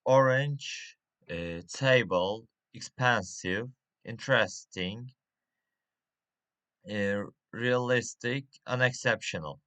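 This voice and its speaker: Slow, halting man with a bright voice. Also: medium pitch. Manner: slow and halting, with many fillers and restarts. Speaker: English teacher. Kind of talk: reading a pronunciation lesson.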